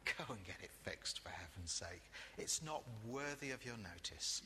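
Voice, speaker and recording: A man preaching a sermon to a congregation, chatty and lively, with jokey asides and sudden quiet emphasis. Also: lowish voice, normal speed, long reverb tail, background noise.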